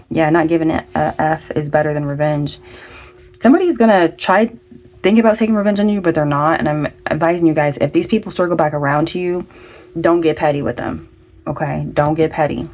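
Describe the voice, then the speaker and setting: A woman's voice: deep voice, a little fast, a little mellow. A woman giving a casual pick-a-card tarot reading, chatty and slangy, with lots of affirming fillers. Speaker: tarot reader.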